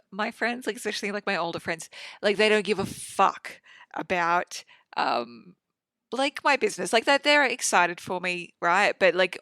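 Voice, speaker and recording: Effusive woman host in her 30s, gravelly edges, dry studio sound. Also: mid-range voice, pushed and bright, no echo. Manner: chatty, sweary and effusive. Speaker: podcast host. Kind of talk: casual solo podcast monologue. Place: home studio.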